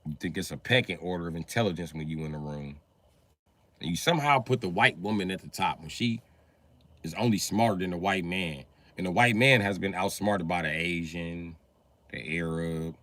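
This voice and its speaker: A man doing a profane comedy rant on a live stream, breaking into put-on voices. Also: no echo. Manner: profane, animated, acts out voices with big pitch jumps.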